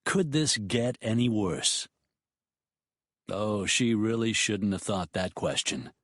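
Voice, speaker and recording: A man narrating a romance audiobook in a measured, expressive storytelling manner. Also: lowish voice, no echo, studio quality.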